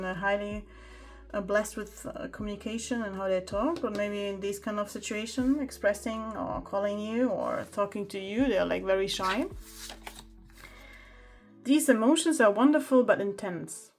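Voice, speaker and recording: A woman talks through a pick-a-card tarot reading at a mid pitch. She chats and exclaims as she turns the cards. Faint music plays in the background. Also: normal speed. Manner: chatty, exclaiming over the cards. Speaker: tarot reader.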